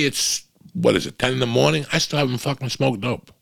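A man's voice: mid-range voice, a little fast, vocal fry, fairly bright tone, no echo. A middle-aged man hosting a podcast, talking bluntly and confessionally with constant swearing and a slight wheeze. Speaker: podcast host. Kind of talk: candid podcast monologue. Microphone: podcast microphone.

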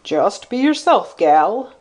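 A woman voicing a fat, brash man who talks in a loud, blunt drawl. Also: mid-range voice, sing-song, slow, pitched above the performer's own voice.

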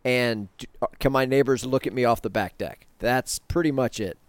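A man's voice: medium pitch, moderate pace, smooth. A man co-hosting a podcast, trading teasing jokes in casual banter. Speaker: podcast co-host. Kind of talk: casual chat.

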